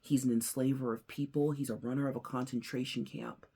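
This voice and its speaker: A man with a gravelly, husky voice talks through a story in a casual commentary. He leans hard on some lines and drops to a hush on others. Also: mid-range voice, fairly even intonation, brisk. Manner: earnest storyteller, swings between loud emphasis and hushed near-whispers. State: emotional, near tears. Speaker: host.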